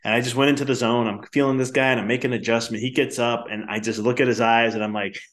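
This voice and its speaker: A man who hosts a podcast and used to work as a chiropractor, talking in a friendly, informal way and telling stories in an animated manner. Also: mid-range voice, quick pace. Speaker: podcast host, former chiropractor. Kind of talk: casual podcast conversation.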